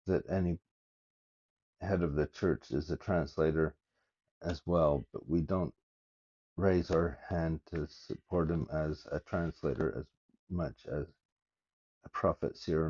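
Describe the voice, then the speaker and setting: Older man, low dark voice, lo-fi phone. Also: fairly even intonation, breathy edge. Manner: reads verses aloud with halting, thinking-aloud asides. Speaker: scripture study vlogger. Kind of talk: casual scripture study talk. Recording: dull lo-fi phone recording.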